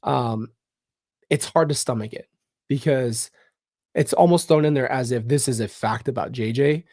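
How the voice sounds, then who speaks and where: A man's voice: mid-range voice, moderate pace, darkish tone, no echo, studio quality. A man hosting a casual commentary vlog, talking bluntly and emphatically with open frustration. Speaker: channel host.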